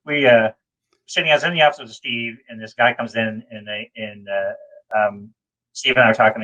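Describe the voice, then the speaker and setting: A man's voice: mid-range voice, a little fast, bright, forceful tone, poor audio. A man telling a rambling, self-deprecating story in a casual chat, over a video call. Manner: rambling, many fillers and restarts, self-deprecating. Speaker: guest.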